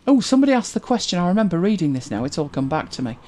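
A British woman chats casually on a live stream, her pitch swinging widely as she reads comments aloud in a warm tone. She races along with hardly a pause, rambling, humming while she scrolls, and laughing easily.

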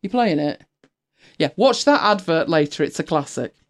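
A co-host from the United Kingdom rambles through a loose panel chat on a talk show, restarting sentences and dropping in lots of fillers. Her voice, or his, sits at medium pitch with lively intonation and a moderate pace.

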